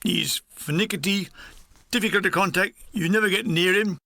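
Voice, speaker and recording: A man's voice: high-pitched, moderate pace, creaky, pushed and bright, no room sound, exaggerated voice. A man voicing a fed-up young army gunner who grumbles about his officer. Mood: griping.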